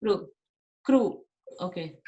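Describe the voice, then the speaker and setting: A woman's voice: lowish voice, expressive, slow pace, mellow, lo-fi sound. A woman, the parent of a student, asks for clarification and checks her understanding during an online class. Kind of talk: casual question in class.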